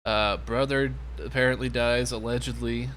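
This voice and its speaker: A man's voice: mid-range voice, steady tone, moderate pace, a bit bright, a little hiss or hum. A young man from Maine giving a sarcastic, casual review of a TV episode over its footage. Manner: sarcastic, mocking. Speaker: TV show reviewer.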